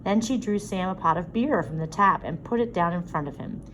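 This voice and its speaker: Low-voiced woman reading a story. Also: fairly quick, a bit bright, slight background noise, low-quality recording. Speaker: audiobook reader. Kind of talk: story narration.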